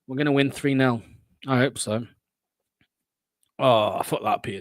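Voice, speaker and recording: A man's voice: mid-range voice, moderate pace, dry recording, clean studio sound. A young man hosting a fan watchalong, giving live play-by-play with blunt, sarcastic asides and swearing.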